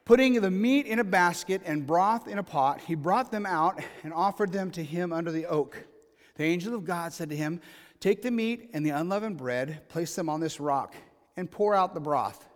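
A man preaching a sermon, reading scripture aloud and acting out the dialogue in a lively, conversational way. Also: high voice, moderate pace. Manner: animated preaching, reads scripture aloud and acts out paraphrased dialogue. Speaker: pastor. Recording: long hall reverb.

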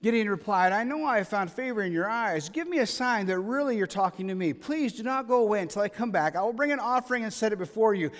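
A man with a high-pitched voice preaches a sermon, moving between reading scripture and acting out the dialogue in everyday terms. His voice rings out with a long reverb, as if filling a church sanctuary. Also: quick pace, few pauses. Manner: animated preaching, reads scripture aloud and acts out paraphrased dialogue. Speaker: pastor.

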